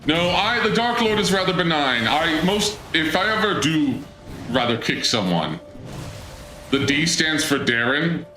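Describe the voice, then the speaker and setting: A man's voice: fairly high pitch, big pitch swings, a little slow, bright, forceful tone. A man hosting a live gameplay stream, bantering playfully with chat and playing up a mock-grand persona. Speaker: streamer, channel host. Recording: roomy echo with game music underneath.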